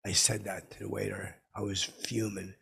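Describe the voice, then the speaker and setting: A man's voice: lowish voice, little pitch movement, normal speed, vocal fry, sharp tone, husky. A man rambling through a comic story, stammering and repeating himself in a brash way. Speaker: comedy podcast host telling a story.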